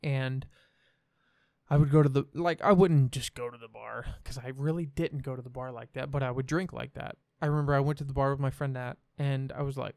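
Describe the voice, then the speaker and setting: A man's voice: mid-range voice, fairly even intonation, a little fast, darkish tone, dry recording, clean studio sound. A young man, a podcast guest, telling a candid personal story in a frank, rambling way and swearing freely.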